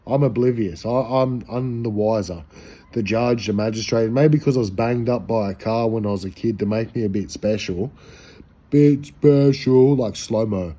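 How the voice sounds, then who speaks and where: Australian bloke, husky and dark-toned, casual rambling storyteller, swears freely. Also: male voice, lowish voice, normal speed. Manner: rambling, profane, slangy. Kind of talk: casual anecdote.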